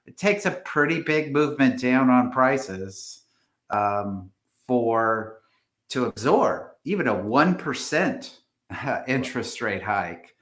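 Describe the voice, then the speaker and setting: A man's voice: mid-range voice, expressive, takes it slowly, a bit bright, echoey room. A man, a real estate agent, talking through the housing market on a live stream, hesitant with many fillers and restarts.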